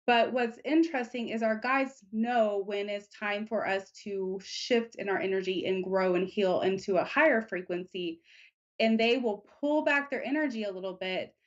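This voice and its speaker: A woman giving a live psychic reading, speaking in a gentle, unhurried, reassuring way. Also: medium pitch, muffled recording. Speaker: psychic reader.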